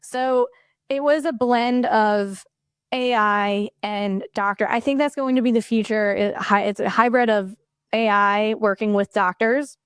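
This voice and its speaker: A woman chatting as a podcast guest, excited and rambling, with many fillers. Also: mid-range voice, unhurried, smooth, dry recording, studio quality. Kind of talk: casual chat.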